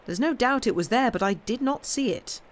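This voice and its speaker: A cool young man, voiced by a woman answers with light, mocking ease, his voice raised above the narration. It is a storybook read-aloud, brisk and unbothered. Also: a little high, lively intonation, pitched above the performer's own voice, lightly acted. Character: cool, good-humoured young man under suspicion.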